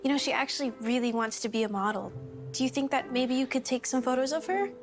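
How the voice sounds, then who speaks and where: A woman's voice: high-pitched, fast talker, natural voice. A woman acting in a scripted skit as a pushy young woman setting up her friend, with an eager, scripted delivery. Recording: clip with music behind.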